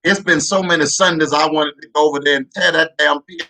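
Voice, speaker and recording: A man's voice: a little high, fairly even intonation, a little fast, sharp tone. A man telling comic childhood stories in a rambling, profane way with many restarts. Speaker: comedian. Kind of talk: comedic storytelling.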